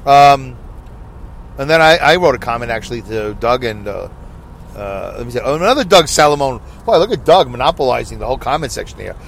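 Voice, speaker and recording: A man hosting a casual solo podcast from his car, reading listener comments in a high, nasal, self-mocking, chatty way. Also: lively intonation, brisk, vocal fry, a little hiss or hum. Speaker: podcast host.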